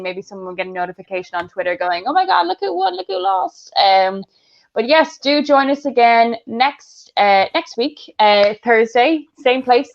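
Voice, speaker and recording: An Irish woman co-hosting a casual chat show, talking fast and bluntly. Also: a little high. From Ireland. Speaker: co-host. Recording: dull lo-fi audio.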